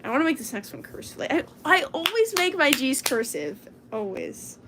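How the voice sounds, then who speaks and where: A young woman livestreaming from home at night, casually chatting to viewers as she draws lettering and talking herself through each step, sometimes in a hushed whisper. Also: high voice, big pitch swings, normal speed, noisy background. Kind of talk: casual livestream chat while drawing.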